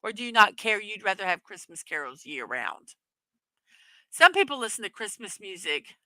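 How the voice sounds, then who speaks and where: A chatty woman hosting a live stream, giggling and filling her pauses with ums and uhs. Her voice is bright and clear. The sound is dry and close. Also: medium pitch, very animated, no room sound, rough recording. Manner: chatty, giggly, with many fillers. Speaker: livestream host. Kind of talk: casual live chat reading viewer comments.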